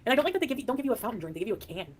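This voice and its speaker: A woman's voice: on the high side, sing-song, racing, husky. A woman chatting casually on a live stream, reading her chat aloud and giggling often.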